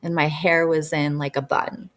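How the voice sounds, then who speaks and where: A woman's voice: deep voice, little pitch movement, moderate pace. A woman and past-life regression practitioner telling a personal story in a chatty, casual way, full of "like" fillers. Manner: chatty, many "like" fillers, acts out quoted dialogue.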